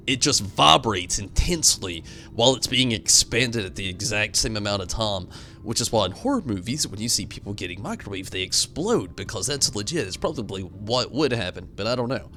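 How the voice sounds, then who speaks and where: A young man streaming a game, rambling through animated stories and chatting with viewers at a desk mic. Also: lowish voice. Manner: rambling, animated storytelling with swings into loud outbursts; reads out and answers viewer chat. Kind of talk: casual live-stream commentary.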